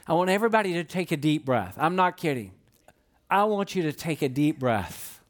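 A middle-aged man preaches in a church auditorium, his voice sitting a little high for a man. He tells folksy stories in an easygoing, chatty way, full of asides, as if talking with friends in the pews. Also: a bit bright. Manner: folksy storytelling, conversational asides. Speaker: pastor. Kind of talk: sermon.

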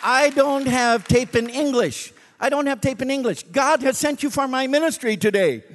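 A man's voice: extremely high pitch, normal speed, big-room sound, a faint crowd, pitched above the performer's own voice. A man voicing an insistent, eager Pentecostal taxi driver who speaks broken English. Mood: pleading.

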